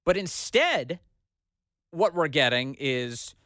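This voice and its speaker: A man's voice: fairly high pitch, sing-song, takes it slowly, long pauses, fairly bright tone, dry recording, clean studio sound. A man hosting a talk radio show, delivering an emphatic, sarcastic opinion monologue.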